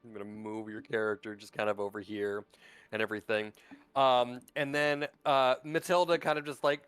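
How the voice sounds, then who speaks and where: A man's voice: lowish voice, level tone, normal speed, fairly bright tone, clear, resonant tone, no echo. A man narrating a tabletop role-playing game as game master, rambling and full of fillers. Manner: rambling, filler-heavy, lots of "like".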